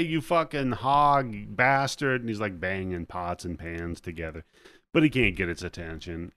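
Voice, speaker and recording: A man's voice: deep voice, fairly bright tone, no room sound. A man hosting a podcast, casually recapping a movie scene by scene with lots of swearing and laughter. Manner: profane, laughing, play-by-play retelling. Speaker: podcast host.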